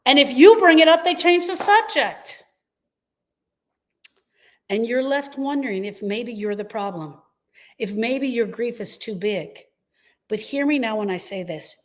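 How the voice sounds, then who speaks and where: A middle-aged woman, a grief coach and host, gives a live talk to grieving parents in a mid-range voice. She speaks earnestly and emphatically, repeating key phrases to reassure them.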